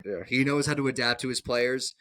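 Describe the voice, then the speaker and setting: A man's voice: medium pitch, a little fast, a bit bright, no room sound. A young man co-hosting a casual sports podcast, rambling and restarting his sentences a lot, with easy cursing. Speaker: podcast co-host.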